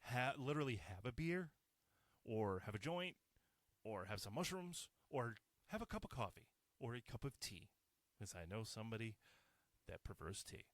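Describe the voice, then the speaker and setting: Male host, mid-pitched, profane ranting monologue. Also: big pitch swings, moderate pace, no room sound. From United States. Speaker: podcast host. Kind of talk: casual solo monologue.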